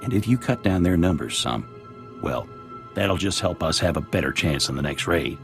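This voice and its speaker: A man's voice: low-pitched, lively intonation, moderate pace, gravelly, over music. A man voicing a folksy, grateful settler in a game cutscene. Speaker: settler on a desert world.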